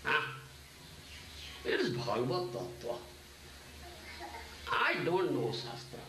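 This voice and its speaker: Devoted old village father, slow and lively in pitch, voiced by a male lecturer, echoey distant room. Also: full character voice. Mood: earnest. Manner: slow pleading tone, repeated "huh?" checks. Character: elderly village father, devoted, simple, doting. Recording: echoey room, distant mic, faint noise.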